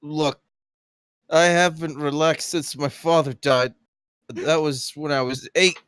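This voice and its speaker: A man playing a tabletop game in character, stammering and swinging between loud and mumbled lines. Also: fairly high pitch, steady tone, takes it slowly, clear, resonant tone. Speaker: player. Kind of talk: in-character tabletop role-play.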